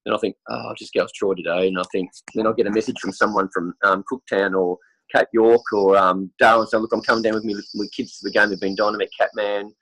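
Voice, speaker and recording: A man's voice: on the low side, level tone, fast, fairly bright tone, rough recording. An Australian man with a cold, a podcast guest telling rambling stories in casual chat, full of fillers and restarts. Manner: rambling, chatty storytelling with many fillers. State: has a cold, clears throat. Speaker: interview guest, football superfan.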